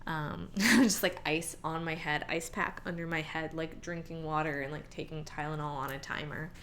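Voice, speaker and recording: Chatty young woman vlogging, lower voice. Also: fairly even intonation, normal speed, fairly bright tone, slight background noise. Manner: chatty, lots of "like" fillers, acts out her own reactions. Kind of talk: casual pregnancy vlog chat.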